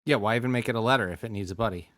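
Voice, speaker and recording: A man's voice: lowish voice, racing, fairly bright tone, dry recording. A man in his thirties co-hosting a podcast, making dry, laid-back quips in casual chat. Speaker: podcast co-host.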